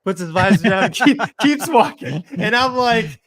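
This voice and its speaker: Animated middle-aged man telling a story. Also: sits high, moderate pace, over a noisy crowd. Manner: animated, laughs mid-sentence, lots of "man" and "dude". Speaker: co-host, former Navy fighter pilot. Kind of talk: casual spoken storytelling.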